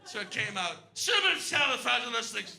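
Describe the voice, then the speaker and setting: A man doing a stand-up comedy set on a club stage, profane and animated, acting out characters. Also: high-pitched, moderate pace, gravelly, a faint crowd.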